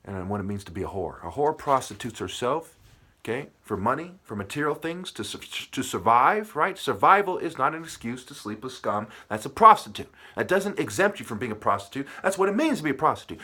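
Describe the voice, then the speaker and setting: A man's voice: mid-range voice, sing-song, a little fast, bright, forceful tone, husky. A man at his desk delivering a heated, profane monologue, repeating himself and playing on word sounds. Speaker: vlogger. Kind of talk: ranting monologue.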